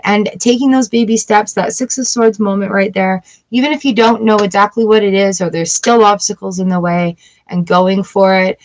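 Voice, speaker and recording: Chatty woman reading tarot cards. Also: medium pitch. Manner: chatty, swearing, playful outbursts. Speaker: tarot reader.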